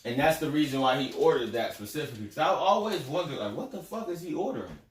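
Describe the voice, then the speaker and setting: Speaking fast and animatedly in a slightly high voice, this man, a livestream host and spiritual teacher, spins loose, offhand, profane stories that ramble during his casual livestream.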